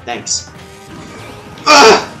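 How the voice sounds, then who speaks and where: A young man commentating his own gameplay, swearing, yelling and muttering at the game. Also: extremely slow, reverberant, over loud music. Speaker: let's play gamer.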